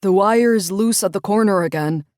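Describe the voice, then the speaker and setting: A woman voicing a steady, dry-humored young man who speaks in short, understated lines. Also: high voice, moderate pace, no room sound, pitched above the performer's own voice, lightly acted. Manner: terse, understated.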